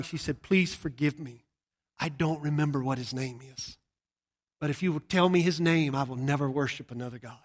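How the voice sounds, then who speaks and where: A man preaching a sermon, telling a mission story and acting out the people in it. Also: high-pitched. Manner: animated, acts out voices in his story. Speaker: pastor.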